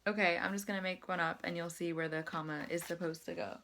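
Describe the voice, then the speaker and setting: A young woman vlogging in a casual, chatty way, her voice sitting a little low for a woman. She talks loosely and pokes fun at herself, with plenty of fillers. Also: steady tone, quick pace, fairly bright tone, a little hiss or hum. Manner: chatty and self-deprecating, with frequent fillers. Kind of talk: casual self-help talk to camera.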